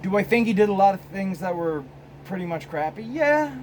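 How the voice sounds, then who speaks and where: A man's voice: high-pitched, brisk, a little mellow, slight background noise, poor audio. An American man hosting his own casual vlog, rambling and profane, filmed on a phone. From United States. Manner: rambling, profane, many restarts. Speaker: host.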